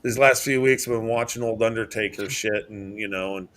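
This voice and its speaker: A man's voice: lowish voice, steady tone, brisk, a bit bright. A man co-hosting a podcast, chatting casually about videos and often hesitating with fillers and restarts. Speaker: podcast co-host. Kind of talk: casual chat reacting to videos.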